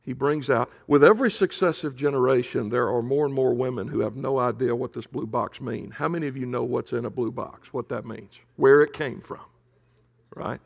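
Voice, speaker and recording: A male pastor preaching in a conversational storytelling way, often dropping to a hush for emphasis. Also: medium pitch, moderate pace, creaky. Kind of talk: sermon storytelling.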